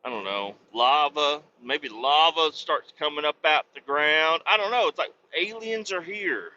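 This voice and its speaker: Brief: cussing trucker-podcast man, a bit high, very bright and sharp, lo-fi dull sound with faint hum. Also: unhurried. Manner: profane, joking, rambling. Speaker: podcast host. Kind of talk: casual rambling monologue. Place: truck cab while driving.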